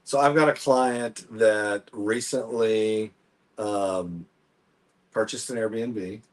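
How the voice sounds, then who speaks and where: A man co-hosting a casual real estate panel chat, telling stories in a chatty way and trailing off softly at the ends of his thoughts. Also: fairly low pitch, steady tone, slow pace. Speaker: real estate agent and co-host. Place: Houston.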